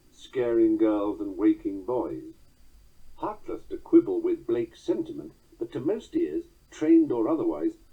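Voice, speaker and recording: A man reading aloud from a book on poetry in a dry, wry, precise manner, slowing down to recite quoted verse. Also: medium pitch, slightly rough. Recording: dull lo-fi sound.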